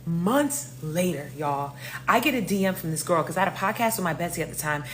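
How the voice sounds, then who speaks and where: A woman telling a casual storytime, animated, swearing and dramatic. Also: fairly low pitch, a little fast, slight background noise. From New York.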